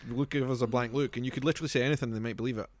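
A man co-hosting a podcast, chiming in with quick, teasing questions. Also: mid-range voice, steady tone. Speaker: podcast co-host. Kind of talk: casual podcast chat.

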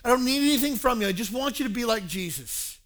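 A man's voice: high voice, big pitch swings, a little fast, a bit bright, pitched above the performer's own voice, exaggerated voice. A man voicing the apostle Paul in a sermon, fervent and pleading with his flock. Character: Apostle Paul, earnest, pleading spiritual father.

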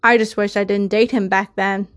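A woman's voice: medium pitch, flat delivery, moderate pace. A young woman hosting a solo podcast, talking in an emotional, insistent way and swearing often. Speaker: podcast host.

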